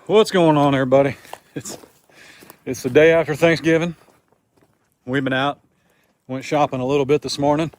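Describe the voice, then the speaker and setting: A man's voice: on the high side, steady tone, moderate pace, pauses often. A man vlogging casually outdoors on his farm, chatting folksily and talking to his animals. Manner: folksy, talks to the animals in a singsong voice. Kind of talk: casual farm vlog narration.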